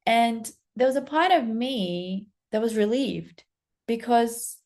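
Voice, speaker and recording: A young adult woman, a spiritual coach, telling a personal story to camera in a lively, casual way and acting out the other people's lines. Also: a little high, slow pace. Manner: animated, acts out quoted voices, casual swearing.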